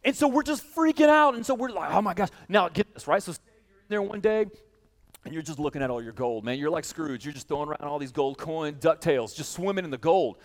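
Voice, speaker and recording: A man preaching a sermon to a congregation, telling a story with lively energy and addressing his listeners directly. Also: a little high, fast, in a large hall. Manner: animated storytelling, speaking straight to the congregation. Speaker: pastor. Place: church hall.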